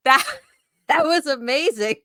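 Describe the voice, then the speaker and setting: A woman's voice: high voice, a little slow, fairly bright tone. A woman co-hosting a podcast, playful and giggly in casual chat. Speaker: podcast co-host.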